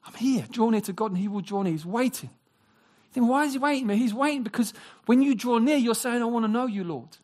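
A man preaching a sermon, animated, acting out quoted voices and dropping into hushed, near-whispered passages. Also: extremely high pitch, a little fast. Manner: animated, acts out quoted voices, drops to a hush.

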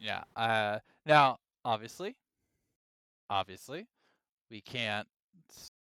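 A man co-hosting a gaming podcast in casual chat, excitable and animated, often acting out his own reactions. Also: lowish voice, slow pace, clean tone, no room sound. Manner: excitable, acts out reactions in quoted voices. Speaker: podcast co-host.

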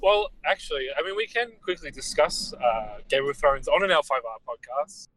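Slightly high-pitched hesitant male co-host. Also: sing-song, moderate pace, fairly bright tone, slight background noise, rough recording. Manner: hesitant, many ums and restarts. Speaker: podcast co-host. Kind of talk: casual podcast chat.

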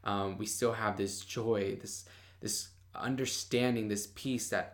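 This young man's fairly low voice takes things slowly, with fairly even intonation. He's a Bible study podcaster discussing faith casually, passionately and boldly, packed with "like" fillers, in casual devotional podcast talk.

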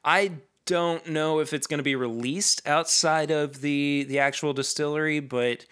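A man's voice: fairly high pitch, fairly even intonation, a little slow, a bit bright, smooth. A man co-hosting a podcast in casual chat, talking loosely with plenty of fillers and restarts. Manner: conversational, with frequent fillers and restarts. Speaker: podcast co-host.

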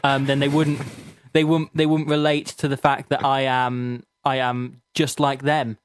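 A man's voice: mid-range voice, little pitch movement, a little slow, slight background noise. A man co-hosting a comedy radio show, rambling in a mock-pompous, self-aggrandizing way. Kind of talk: comic banter.

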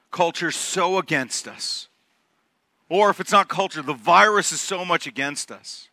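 A man preaching a sermon who speaks emphatically and swings from hushed whispers to near-shouts. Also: on the high side, no room sound. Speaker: pastor.

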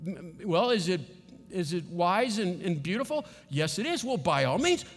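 Animated high-voiced preacher in a hall. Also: male voice, moderate pace, slightly rough. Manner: animated, acts out scenes, laughs often. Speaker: pastor. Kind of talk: sermon.

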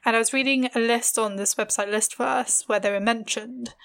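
Brief: young woman podcast co-host, fairly high voice, fast chatty delivery full of fillers. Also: fairly even intonation, gravelly, fairly bright tone. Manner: chatty, many "like" fillers, quick asides. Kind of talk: casual chat.

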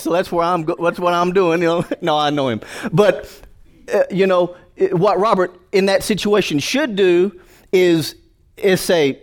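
A man's voice: sits high, normal speed. A male pastor preaching a sermon, joking with the congregation and calling for responses.

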